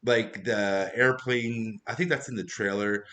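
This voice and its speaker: A man's voice: lowish voice, fairly even intonation, measured pace, a bit bright. A man giving a casual spoken movie review, rambling and chatty with frequent asides.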